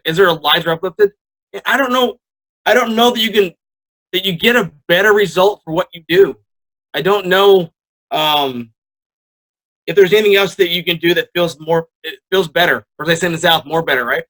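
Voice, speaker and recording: A man chatting as a podcast guest, with a bright, forward voice pitched a little high. He tells his stories earnestly and with animation. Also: rough recording. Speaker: guest, dental technician. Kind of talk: casual interview conversation.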